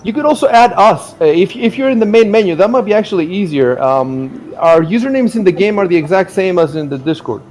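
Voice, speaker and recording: A man hosting a live game stream, chatting casually with a slightly higher than average voice. He rambles and halts, often restarting his sentences as he goes. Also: expressive, a little mellow, faint music behind. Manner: rambling, halting, frequent restarts. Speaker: stream host. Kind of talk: casual chat.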